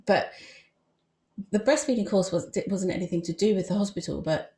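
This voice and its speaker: A woman's voice: mid-range voice, fairly quick, dark tone. A young woman hosting a podcast interview, speaking hesitantly with many fillers. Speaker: podcast host. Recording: roomy echo.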